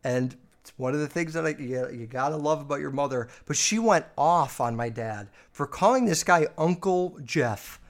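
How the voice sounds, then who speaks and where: A man with a fairly high-pitched voice rambles through personal stories on his podcast. He swears freely and leans on lots of "like" fillers, loose and unscripted. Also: normal speed. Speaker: podcast host. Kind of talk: casual storytelling.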